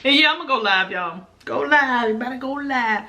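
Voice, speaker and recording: A mukbang YouTuber from Florida with a South Florida accent answers viewer questions in a casual chat, laughing often and saying "y'all." Her high voice is fast, pushed and bright.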